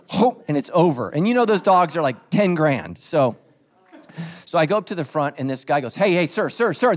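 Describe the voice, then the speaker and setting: A man preaching as a pastor to his congregation, telling funny stories in a loose conversational sermon that he speaks straight to the crowd. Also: sits high. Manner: joking storyteller, talks straight to the congregation. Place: church stage before a congregation.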